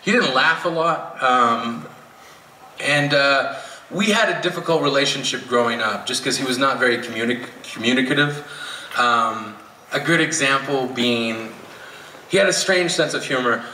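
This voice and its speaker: A man with a bright, forceful voice tells a story to a live audience and laughs dryly along the way. He sounds distant from the mic, in a roomy outdoor amphitheatre with a faint hum of ambience behind him. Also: mid-range voice, moderate pace. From Canada. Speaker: spoken word poet.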